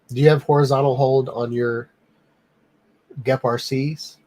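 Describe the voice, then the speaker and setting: A man chatting on a live stream in an easygoing, rambling way. His pitch sits in an ordinary middle range, and he leans on frequent "um" fillers between thoughts. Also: flat delivery, unhurried, darkish tone. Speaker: livestream host. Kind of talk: casual live-stream chat.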